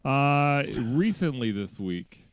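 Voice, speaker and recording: A man's voice: medium pitch, sing-song, slow pace, clean tone, no room sound. Man reading news with a laugh. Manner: reads news aloud in a mock-serious, laughing delivery. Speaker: podcast co-host reading a news story. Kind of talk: casual podcast banter.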